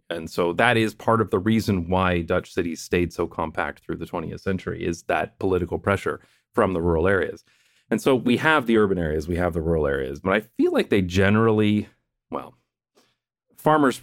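A man with a very low, deep voice talks in a relaxed, explanatory way, chatting about towns and the countryside. The sound is dry and close, with no room echo. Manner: explanatory, chatty, laughs often. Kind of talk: casual conversation.

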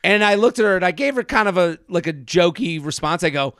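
A man in his thirties hosting a podcast, telling a comedic story in an animated way and acting out other people's lines. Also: high-pitched, a little fast, clean tone, dry recording, studio quality. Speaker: podcast host. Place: studio.

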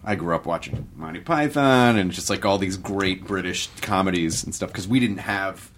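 A middle-aged man with an American accent hosting a podcast, joking and tossing in quick asides. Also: sits low, a bit bright, a little hiss or hum. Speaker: podcast host. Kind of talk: casual podcast chat.

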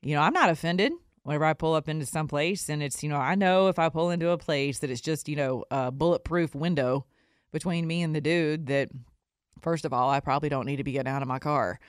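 A woman's voice: deep voice, a little fast, clean tone, dry recording, studio quality. A woman hosting her own podcast, delivering an indignant, sarcastic opinion rant. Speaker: podcast host and recording artist.

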